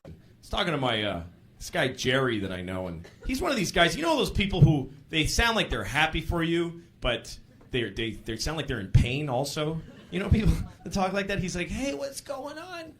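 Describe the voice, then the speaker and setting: A man's voice: on the high side, sing-song, fairly quick, a bit bright. A man performing stand-up comedy, telling stories in a conversational, exasperated way and acting out the people in them. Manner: conversational, exasperated storytelling with acted-out voices. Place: comedy club stage. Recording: live comedy club audience laughing.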